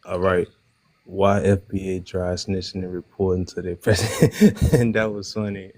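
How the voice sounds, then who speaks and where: A man's voice: low-pitched, flat delivery, moderate pace, darkish tone, no room sound. A man in his thirties with a New Orleans accent, speaking bluntly and in slang as a guest on a live online panel. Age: 30s.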